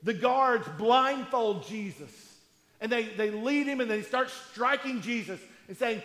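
A man preaching a sermon in a conversational storytelling way, with emphatic pauses, in a large hall. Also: very high-pitched, a bit bright. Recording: echoey hall with long reverb.

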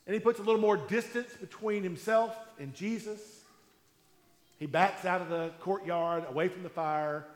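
A man preaching a sermon in a conversational storytelling way, with emphatic pauses, in a large hall. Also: high voice. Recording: echoey hall with long reverb.

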